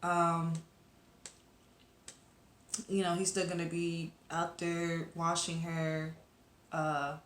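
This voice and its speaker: A woman's voice: on the low side, little pitch movement, extremely slow, long pauses, a bit bright, echoey room, a little hiss or hum. A woman reviewing a webcomic episode to camera in a casual, rambling chat full of fillers and asides to her viewers.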